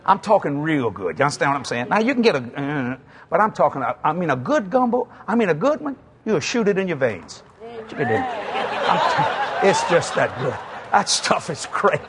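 Animated Cajun preacher in his sixties. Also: on the high side, moderate pace, noisy background. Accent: Cajun, South Louisiana. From South Louisiana. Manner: animated, acts out both sides of dialogues, chuckling asides. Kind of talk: humorous sermon storytelling.

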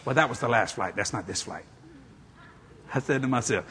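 A man preaching in church, telling a funny story in an animated, playful way and laughing often. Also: medium pitch, a little fast, background noise. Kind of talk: humorous sermon storytelling.

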